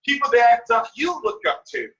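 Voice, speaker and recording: At a moderate pace, a very high, slightly bright male voice coaches on a mentorship call as a network marketing mentor. He's emphatic and repetitive, regularly checking in with "right?", and the phone or conference recording is dull, echoey, and far from the mic.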